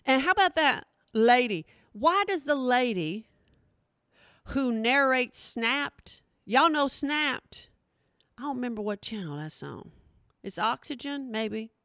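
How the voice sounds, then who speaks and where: A woman hosting a podcast alone, talking in a chatty, animated way with folksy slang, addressing her listeners directly. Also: fairly high pitch, takes it slowly, no room sound, studio quality. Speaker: podcast host. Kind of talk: casual podcast monologue.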